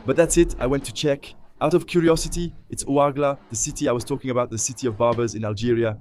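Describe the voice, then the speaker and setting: A man's voice: mid-range voice, steady tone, fast talker, darkish tone, a little hiss or hum. A man vlogging a walk through hilly city streets, chatty and rambling, often repeating his words. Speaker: travel vlogger. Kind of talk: casual vlog chat while walking.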